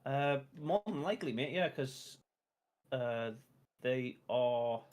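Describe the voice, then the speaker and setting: A man's voice: medium pitch, slow, a little mellow. A man with a Sunderland accent hosting a casual football watch-along stream, chatting loosely with viewers and laughing often. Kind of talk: casual live-stream chat.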